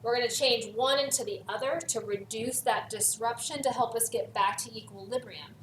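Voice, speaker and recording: A woman's voice: on the high side, steady tone, normal speed, a bit bright. A woman chemistry teacher giving a recorded lesson, working through a worksheet and stressing key words for emphasis. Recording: echoey room, voice from far off, faint hiss.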